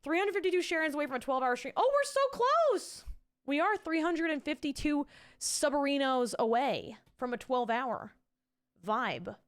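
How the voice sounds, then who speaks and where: A woman's voice: sits high, normal speed. A young adult woman, streaming and chatting casually, bubbly and rambling as she thanks her chat.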